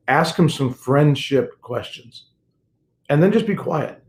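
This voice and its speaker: A man's voice: a little high, lively intonation, slow pace, darkish tone. An older man gives a morning devotional as a pastor. His delivery is earnest and personal, and he circles back over key phrases for emphasis. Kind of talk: devotional sermon message.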